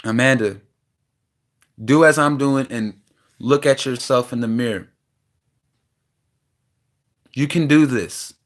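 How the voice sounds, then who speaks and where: A man's voice: medium pitch, slow pace, pauses often. A man venting in an impassioned, profane monologue to the camera. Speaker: vlogger.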